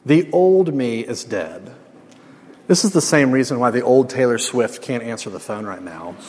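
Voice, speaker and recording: A man's voice: medium pitch, expressive, normal speed, a little mellow, a little hiss or hum. A man preaching a sermon as pastor, emphatic, repeating key phrases and adding light humor. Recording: long reverb of a large hall.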